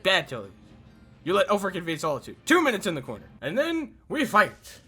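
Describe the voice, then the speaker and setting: Young male narrator, very animated, sarcastic and exasperated comic recap. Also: sits high, a little fast, slightly rough, faint music behind. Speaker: video creator. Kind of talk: comedic game recap narration.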